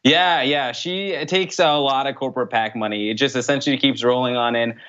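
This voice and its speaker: A young man answering interview questions as a political candidate, in an earnest, brisk way with frequent fillers. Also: mid-range voice, a bit bright, smooth. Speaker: congressional candidate. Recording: dull lo-fi sound.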